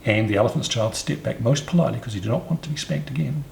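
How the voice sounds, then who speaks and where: A man reads a storybook aloud in an expressive, sing-song way. His voice is mid-pitched with a creaky grain, and it rings in a roomy space with faint ambience behind. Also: quick pace, slight background noise.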